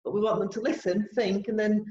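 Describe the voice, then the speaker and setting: A woman co-hosting a podcast, explaining classroom teaching ideas in a steady, encouraging way. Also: medium pitch, brisk. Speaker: podcast co-host, language teacher. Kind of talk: casual podcast discussion. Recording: echoey room, dull sound, faint noise.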